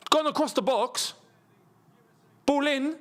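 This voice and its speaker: A man hosting a live football watchalong, chatty and rambling, with excitable bursts at the match action. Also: very high-pitched, takes it slowly. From England. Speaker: football channel host.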